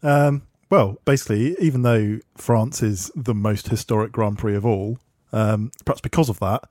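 A man's voice: lowish voice, normal speed, a little mellow, no echo, studio quality. A man co-hosting a casual podcast, laid-back with brief interjections. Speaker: podcast co-host.

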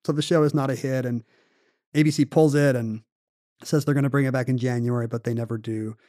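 A man co-hosting a podcast, telling a story in casual chat with animated, quick bursts. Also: mid-range voice, no echo, clean studio sound. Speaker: podcast co-host.

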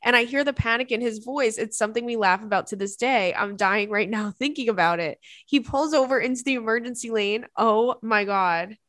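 A woman's voice: a little high, brisk, hardly any pauses, fairly bright tone, dry recording, clean studio sound. A woman hosting a podcast, reading a listener's story aloud and reacting with laughter and dramatic asides. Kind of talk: casual chat.

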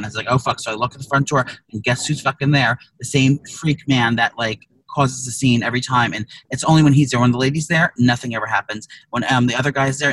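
A man co-hosting a comedy podcast, rambling through crude stories with loud, profane rants. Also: mid-range voice. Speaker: podcast co-host. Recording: distant from the mic.

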